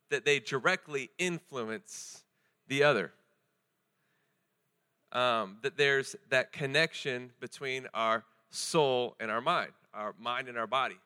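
A young man preaching a sermon in a casual, joking and animated way, with many fillers. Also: medium pitch, smooth.

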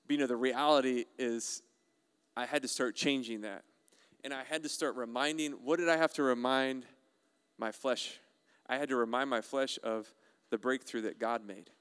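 A male pastor preaches with a smooth, resonant voice that rings out with a long hall reverb. His manner is animated and playful, and he keeps putting questions to his listeners. His pitch sits in a middle range for a man. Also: moderate pace. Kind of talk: sermon.

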